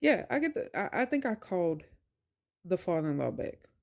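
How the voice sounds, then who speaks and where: A woman's voice: on the low side, very animated, moderate pace, gravelly. A young woman vlogger telling a personal story in a casual, emphatic, colloquial way, with exasperated asides.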